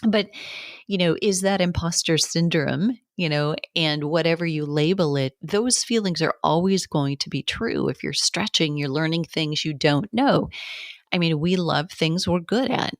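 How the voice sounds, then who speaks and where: A woman's voice: low-pitched, unhurried, no echo, studio quality. A woman who hosts a fitness business podcast, giving casual advice in a conversational way with restarts and short laughs.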